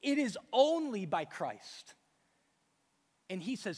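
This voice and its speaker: A man with a high voice preaches an emphatic sermon, firing off rhetorical questions and hammering home repeated phrases. His voice rings with the long reverb of a large church hall. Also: sing-song, takes it slowly, long pauses, a little mellow, husky. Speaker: pastor.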